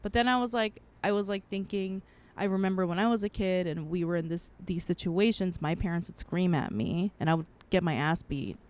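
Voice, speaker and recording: A woman's voice: fairly low pitch, brisk, a little mellow. A woman podcast co-host in her thirties, telling a personal story in a candid way, swearing freely and acting out what people said. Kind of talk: casual chat, personal storytelling.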